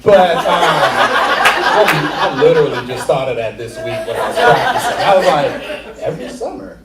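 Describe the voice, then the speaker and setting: A man on a comedy stage tells a rambling story, often laughing at his own jokes as he acts out the people in it. His voice sits a bit high for a man. The sound is roomy and comes from some way off the mic. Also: animated, unhurried, far from the mic, a loud crowd, very noisy. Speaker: stand-up comedian. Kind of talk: stand-up storytelling.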